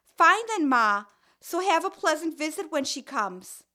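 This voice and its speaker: A woman's voice: high-pitched, sing-song, slow pace, sharp tone, full character voice. A woman voicing an impatient, insistent grown daughter who pleads and snaps at her mother. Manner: pleading, snippy.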